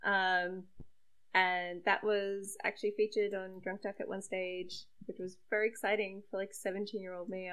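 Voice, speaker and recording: This webcomic creator and site regular is a young woman with a mid-range, fairly bright voice, delivered flatly at a normal speed. On a casual podcast about making webcomics she's self-deprecating, laughing and filling her speech with fillers. The recording is low quality.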